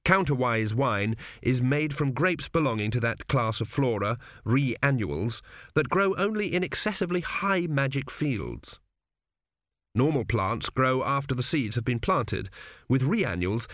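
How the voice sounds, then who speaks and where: A man narrates an audiobook in a measured, dry storytelling style at a middle pitch, with lively intonation and a slightly bright tone. He sits close to the mic in a dead, dry studio with no echo.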